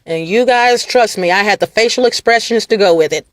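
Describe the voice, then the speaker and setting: A woman vlogger talking straight to her viewers in a casual rant, mocking and animated, laughing and repeating lines for emphasis. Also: mid-range voice, brisk, no room sound. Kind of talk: casual ranting monologue to camera.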